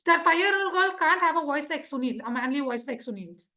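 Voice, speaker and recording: A woman teaches public speaking to a live club, her voice high and bright with a husky edge. She keeps a lively, teacherly rhythm and keeps checking that her listeners follow. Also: brisk. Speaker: Toastmasters speaker teaching speech craft. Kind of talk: live instructional talk to a club.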